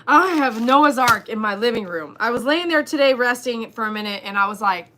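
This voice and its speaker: Woman, livestream host, bright voice, fairly high, animated, reads chat aloud. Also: brisk. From Texas. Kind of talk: casual livestream chat reading comments.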